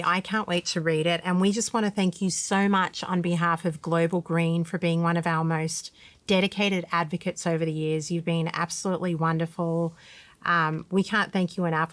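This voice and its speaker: A soft-spoken woman with an Australian accent conducts a friendly interview and thanks her guest warmly. Her voice sits a little low, and the sound is dry and close. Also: no echo.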